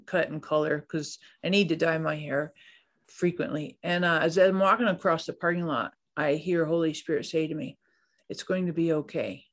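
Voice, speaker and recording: A man's voice: on the high side, steady tone, normal speed, a bit bright. A man hosting a faith podcast, upbeat and enthusiastic as he chats with a guest. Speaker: podcast host.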